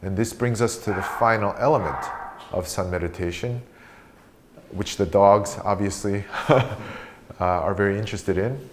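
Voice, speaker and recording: A man leading a guided meditation, speaking slowly and calmly as he teaches breathing and a question practice. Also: fairly low pitch, background noise. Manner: slow, calm guiding voice.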